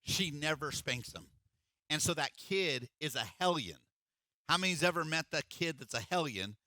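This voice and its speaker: A man's voice: fairly high pitch, expressive, moderate pace, bright, forceful tone, dry recording. A middle-aged man preaching a sermon as pastor, in an emphatic, conversational way.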